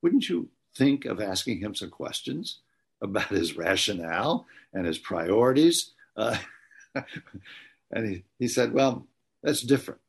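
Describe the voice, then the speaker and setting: Gravelly, husky-voiced man telling stories. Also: fairly low pitch, very animated, measured pace. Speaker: guest. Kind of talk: conversational storytelling.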